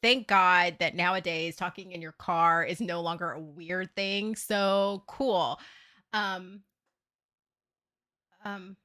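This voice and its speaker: A woman streamer talking candidly to her viewers in a casual livestream chat, swearing freely and getting animated as she tells her story. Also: fairly low pitch, slow pace.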